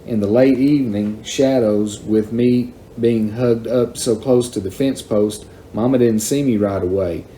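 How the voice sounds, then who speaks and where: A man reading a children's novel aloud in a plain, unhurried storytelling manner. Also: on the low side, mellow, slight background noise. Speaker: reader.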